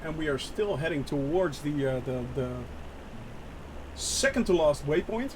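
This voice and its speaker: Against a noisy background, a man with a slightly high, expressive voice gives live commentary on his flight simulator stream at a measured pace. Chatty and filler-heavy, he restarts often, reads viewers' messages aloud, and frets about the landing.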